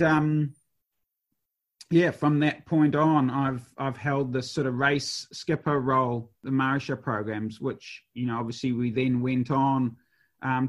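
A man's voice: mid-range voice, lo-fi sound. Man in his fifties, rambling sailing yarns. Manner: rambling with many fillers and restarts. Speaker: professional sailor, race skipper. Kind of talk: conversational storytelling.

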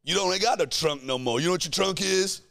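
A man putting on a brash car-makeover host, boasting loudly in heavy slang. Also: high-pitched, fast, creaky, pitched above the performer's own voice. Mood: hyped. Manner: loud, slangy, boasting hype.

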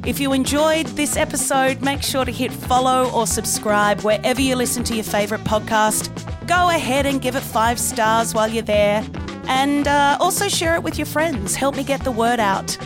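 A woman hosting a podcast, who interviews her guest and closes the episode with warm, enthusiastic praise. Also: sits high, moderate pace, music in the background. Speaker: podcast host.

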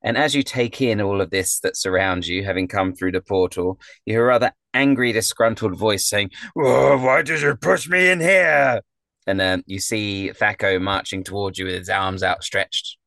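A man's voice: low voice, steady tone, moderate pace, hardly any pauses, a bit bright, dry recording. A man narrating as game master, describing scenes with many ums and uhs. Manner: descriptive with frequent fillers.

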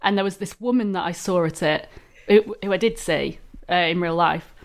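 A woman's voice: fairly low pitch, normal speed. A young woman from England telling a funny anecdote in casual chat, acting out quotes and laughing. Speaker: guest storyteller.

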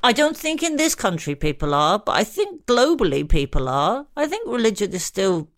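A woman's voice: medium pitch, very animated, moderate pace. A woman co-hosting a comedy podcast, dry and teasing in casual chat.

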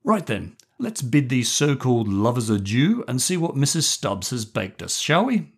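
Guy doing a stuffy old colonel, husky, pompous, swings up and down a lot. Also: medium pitch, big pitch swings, pitched above the performer's own voice. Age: older. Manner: pompous, lordly, drawn-out speech. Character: old male country colonel, pompous, fond of chuckling.

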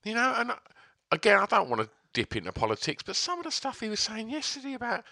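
A man's voice: high-pitched, wildly swooping pitch, fast talker, gravelly, pushed and bright, no echo, studio quality. A man co-hosting a casual podcast chat, blunt and sweary, often stammering through restarts. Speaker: podcast co-host.

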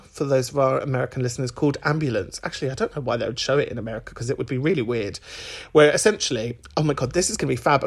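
Man, podcast host, casual chat, swooping lively pitch, laughs a lot. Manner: chatty, camp, laughs often.

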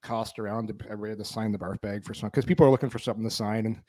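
A man's voice: lowish voice, racing, no echo. A middle-aged man, a former hockey player co-hosting a sports talk show, telling stories with lots of laughter. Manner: animated storyteller, laughs often, acts out voices. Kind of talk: casual sports talk, storytelling.

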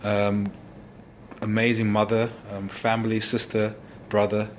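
A man, a former footballer, telling stories in an interview, animated and full of exclamations. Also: fairly low pitch, unhurried, slight background noise. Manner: animated, exclaims often, restarts sentences. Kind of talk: casual interview storytelling.

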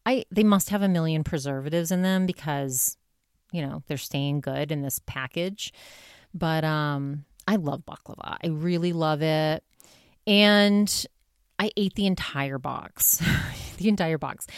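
A woman's voice: deep voice, smooth, no room sound, clean studio sound. A woman hosting her own podcast, talking casually and candidly about her week, with lots of "like" and "you know". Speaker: podcast host. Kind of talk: casual solo podcast monologue.

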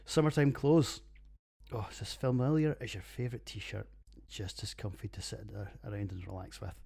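A man's voice: lowish voice, a little fast, darkish tone. A middle-aged Scottish man hosting a podcast, giving blunt, sweary, joking beer reviews in casual chat. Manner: sweary, jokey and blunt, rough pub banter. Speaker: podcast host reviewing beers. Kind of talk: casual solo podcast monologue.

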